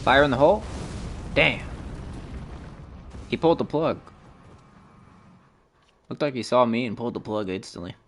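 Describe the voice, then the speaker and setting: A man's voice: medium pitch, animated, normal speed, pauses often, a little hiss or hum. A man streaming a game live, cursing and trash-talking opponents and chatting casually with viewers. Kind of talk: live gaming stream commentary.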